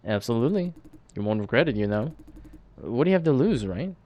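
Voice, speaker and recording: Man playing a confident, persuasive young stranger in a story game; easy charm, lifted pitch. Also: sing-song, fairly quick, a little mellow, natural voice. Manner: smooth and persuasive.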